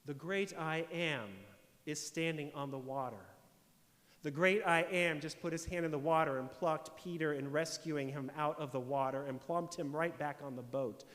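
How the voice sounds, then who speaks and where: High-voiced preacher in a reverberant church. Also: male voice, normal speed, fairly bright tone. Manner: emphatic, explanatory preaching with rhetorical questions. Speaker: pastor. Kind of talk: sermon. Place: church sanctuary.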